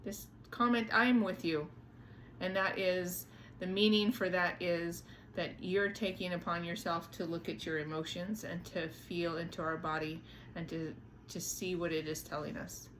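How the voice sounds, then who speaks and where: Gentle, earnest woman speaking to viewers. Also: on the low side, fairly even intonation, a little slow, slight background noise. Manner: gentle, earnest, repeats words and restarts often. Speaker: spiritual channeler and host. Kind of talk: casual spiritual talk to viewers.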